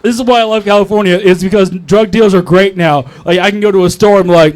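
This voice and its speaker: A young man works an open mic crowd with a crude, mocking, rambling set. His voice sits high for a man. He is heard through a handheld stage mic in a comedy club. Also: fairly even intonation, quick pace, hardly any pauses. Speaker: stand-up comedian.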